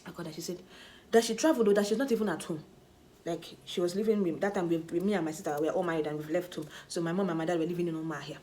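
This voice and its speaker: A Nigerian woman vlogger telling a personal story in a chatty, animated way, dropping in pidgin asides. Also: lowish voice, very fast, a little hiss or hum. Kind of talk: storytelling vlog.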